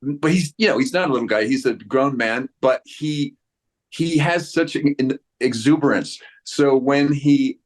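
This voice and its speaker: A man in his sixties talks through a press interview in a mid-pitched voice. He rambles and restarts his sentences, and he slips into quoted voices as he tells a story. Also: unhurried. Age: 60s. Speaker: actor guest.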